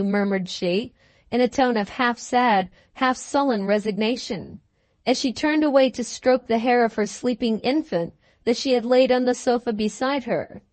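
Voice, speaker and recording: Lady reading an old novel, even steady narration, kinda high voice, dry sound. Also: moderate pace, no room sound. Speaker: audiobook narrator. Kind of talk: scripted narration.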